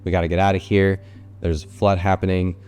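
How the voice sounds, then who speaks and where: Urgent neighbor pleading to leave, low voice, smooth, a man voicing him. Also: little pitch movement, fairly quick, darkish tone, long reverb tail, close to an everyday voice.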